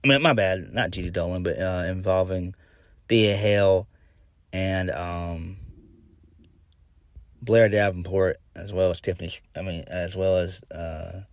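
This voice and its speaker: A man's voice: sits low, fairly even intonation, unhurried, no room sound. A man giving a casual spoken review, rambling with lots of fillers and restarts, blunt and swearing now and then. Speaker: wrestling reviewer.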